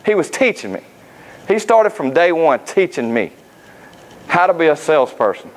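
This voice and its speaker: A man, giving a motivational speech at a sales academy. He tells folksy personal stories and pauses often on "uh.". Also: a little high, poor audio. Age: 30s. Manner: folksy, anecdotal, frequent "uh" fillers.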